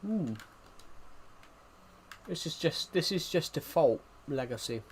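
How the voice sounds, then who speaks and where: A man's voice: a little high, lively intonation, slow pace, a little hiss or hum. A man chatting casually to viewers on a live game stream, rambling and repeating his phrases as he talks. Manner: talks directly to viewers as "guys". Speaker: gaming streamer.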